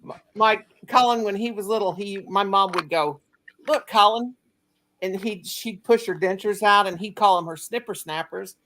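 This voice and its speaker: A woman's voice: mid-range voice, normal speed, a bit bright, slight background noise. A middle-aged woman hosting a casual family chat, rambling and telling stories with a lot of laughter. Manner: rambling, chatty storyteller who laughs a lot. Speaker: channel host.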